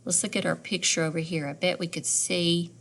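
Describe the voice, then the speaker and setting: A woman's voice: fairly low pitch, fairly even intonation, a little fast, gravelly, fairly bright tone, slight background noise. A middle-aged woman teaching a phonics lesson to young readers, sounding out letters and words one by one and asking encouraging questions.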